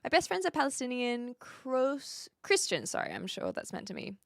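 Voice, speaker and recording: A woman's voice: sits high, huge pitch swings, moderate pace, gravelly, dry recording, studio quality. A woman from New Zealand with a light accent, chatting casually with viewers on a live stream, laughing often and trailing off mid-sentence.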